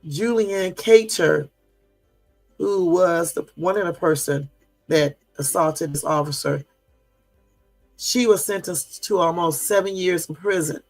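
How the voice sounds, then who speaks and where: This man hosts a casual livestream, speaking slowly in a fairly high voice with faint music behind him. His talk is indignant and rambling, full of fillers, as he chats with his viewers and answers them.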